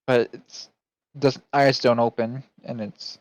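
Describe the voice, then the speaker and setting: A man running a tabletop game, stopping and restarting as he describes the scene. His voice sits at a middle pitch and sounds dry and close to the mic. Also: little pitch movement, no echo, muffled recording. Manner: halting, self-correcting narration. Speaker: game master.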